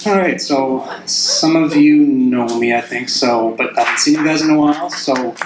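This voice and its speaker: A man's voice: mid-range voice, moderate pace, noisy background. A man in his thirties doing a rambling, self-deprecating stand-up set on a club stage. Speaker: stand-up comic. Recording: echoey club with crowd.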